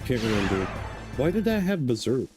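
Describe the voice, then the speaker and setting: A man's voice: mid-range voice, sing-song, normal speed, music in the background. A man streaming a game live, chatting casually and rambling through stories as he plays, laughing often. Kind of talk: casual gameplay commentary.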